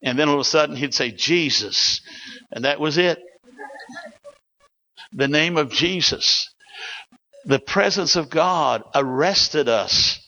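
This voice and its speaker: Male preacher, raised pitch, forceful sermon delivery, muffled lo-fi recording. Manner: storytelling preacher, emphatic exhortations. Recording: dull lo-fi recording.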